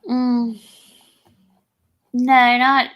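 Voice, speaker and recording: A woman co-hosting a casual chat, relaxed and hesitant, with frequent ums. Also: a little high, drawn-out words, low-quality recording. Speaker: co-host.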